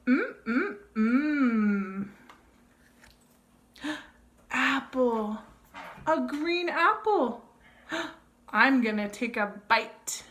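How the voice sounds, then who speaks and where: A woman demonstrates how to read a picture book with a toddler. She speaks very slowly, in a bright, slightly high sing-song, with gasps of delight and playful sounds. Between pages she turns to the parents with simple tips. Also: expressive. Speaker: early childhood educator. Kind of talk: reading a board book aloud to toddlers.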